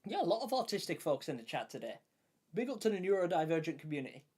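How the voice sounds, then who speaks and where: A man's voice: on the high side, sing-song, fast talker, a little mellow, breathy edge. A man hosting a live stream, chatting casually and enthusiastically while answering viewers in the chat. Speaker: livestream host.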